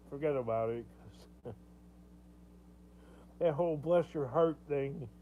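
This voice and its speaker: A man hosting a casual livestream, rambling, chuckling often and answering viewer comments. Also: medium pitch. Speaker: livestream host. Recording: tinny phone-like sound with faint hum.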